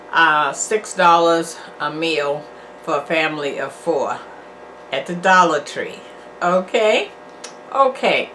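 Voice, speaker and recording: A woman's voice: sits low, a bit bright, a little hiss or hum. An older woman hosting a casual food review vlog, chatty and encouraging, sometimes preachy and repetitive. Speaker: channel host, food reviewer.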